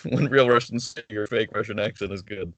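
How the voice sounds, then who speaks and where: A man's voice: fairly low pitch, moderate pace, no echo. A man talking casually as a guest over a video call, hesitant with many restarts. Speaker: wrestler guest. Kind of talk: casual interview chat.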